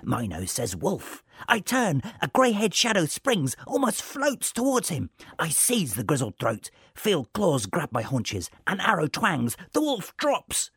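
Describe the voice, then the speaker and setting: Male story reader, raspy tone, swinging pitch, close dry recording. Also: dry recording. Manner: lively, storytelling delivery. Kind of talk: scripted narration.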